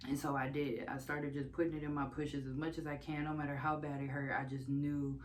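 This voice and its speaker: A woman's voice: low-pitched, flat delivery, a little fast, hardly any pauses, a little hiss or hum. A young woman from the United States telling her own story in a casual, candid vlog, swearing freely and laughing often. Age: young adult.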